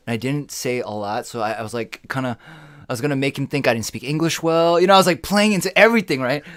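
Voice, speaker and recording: Male co-host, mid-pitched, energetic storyteller who acts out quotes; dry close recording. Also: quick pace, no room sound. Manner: animated, acts out quoted voices, swears. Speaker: podcast co-host. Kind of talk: casual storytelling chat.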